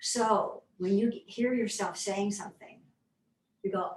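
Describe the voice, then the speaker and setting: A woman reflecting in a thoughtful, halting conversational way, sometimes dropping to soft near-whispers. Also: mid-range voice, fairly even intonation. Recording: echoey room, mic at a distance, faint noise.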